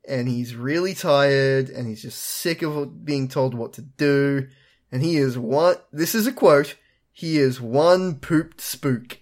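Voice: medium pitch, darkish tone. A podcast host recapping an episode in casual chat, acting out characters' lines with laughs and swearing.

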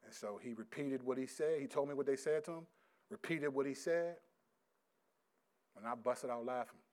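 A middle-aged male pastor preaching a sermon, reading scripture loudly and slowly, then dropping into quiet, casual stories about his sons. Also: mid-range voice. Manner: swings from loud emphatic scripture reading to quiet storytelling.

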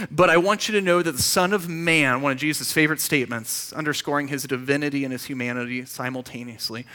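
A man preaching a sermon in a conversational way, with quick restarts and rhetorical questions. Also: mid-range voice, bright, forceful tone. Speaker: pastor.

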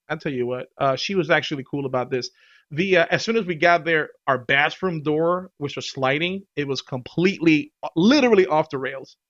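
A man casually telling a vacation story on a podcast, animated, often laughing and acting out what people said. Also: fairly high pitch, lo-fi sound.

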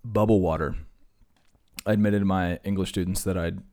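A man's voice: low voice, fairly even intonation, normal speed, darkish tone. A man in his thirties hosting a casual solo podcast, rambling and self-mocking, slightly wheezy after a workout. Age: 30s. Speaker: podcast host.

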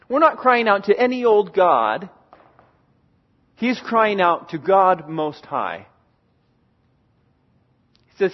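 A man's voice: sits high, animated, unhurried, pauses often, muffled recording. A pastor preaching a sermon to his church, earnest and emphatic, repeating key phrases for weight. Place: church in Oregon.

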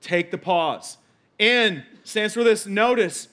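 A man's voice: sits high, animated, takes it slowly, a bit bright, smooth. A male pastor preaching a conversational sermon, emphatic and repetitive, with asides and quotes from scripture.

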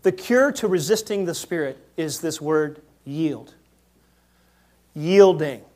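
A man preaching a sermon in a church, moving between quiet asides and loud acted-out quotes. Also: fairly high pitch, takes it slowly. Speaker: pastor.

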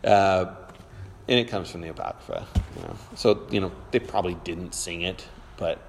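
A man's voice: low voice, wildly swooping pitch, normal speed, gravelly, soft background music. Guy teaching a bible class, rambly and chatty, lots of ums, echoey hall sound. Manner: chatty, rambling, with many fillers. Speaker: church teacher. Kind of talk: informal Bible class talk. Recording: reverberant hall.

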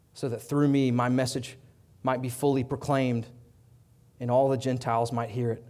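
A man preaching a sermon in an earnest way, rising loud on his appeals and dropping soft on quiet lines. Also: medium pitch. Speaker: pastor.

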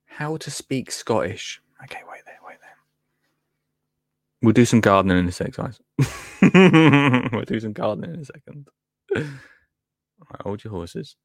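A man's voice: medium pitch, expressive, a little slow, pauses often, no room sound. Chatty man, dry close sound. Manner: chatty, laughs often, easily sidetracked. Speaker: gardening presenter on a live stream. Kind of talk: casual live chat.

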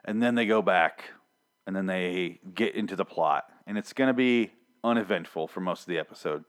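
Male reviewer, lowish voice, casual, blunt, rambling delivery with restarts. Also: normal speed. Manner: repeats and restarts words. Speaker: TV show reviewer.

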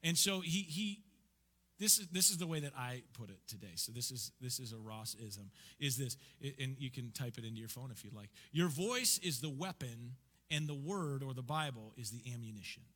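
A man preaching a sermon as pastor, emphatic and lively, asking the congregation questions and answering them himself. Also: mid-range voice, brisk. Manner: energetic, emphatic preaching with call-and-response questions. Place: church sanctuary. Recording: church hall reverb.

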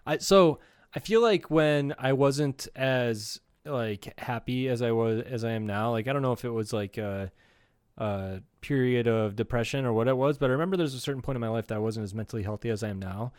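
A man thinks out loud on a casual comedy podcast, easygoing and reflective, with a curse thrown in here and there. His pitch is ordinary. The sound is close and dry, with no room around it. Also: brisk, smooth, dry recording. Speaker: podcast co-host.

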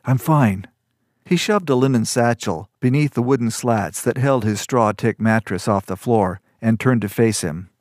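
A man reading a fantasy story aloud as narrator, in an even, measured manner. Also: no room sound, studio quality. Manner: even, measured storytelling, lifts pitch for dialogue. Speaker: audiobook narrator.

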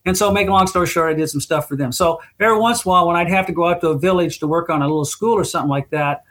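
A man's voice: on the high side, rapid-fire, fairly bright tone. An older man, a guest, telling long rambling anecdotes with lots of fillers and small chuckles. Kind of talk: casual storytelling interview.

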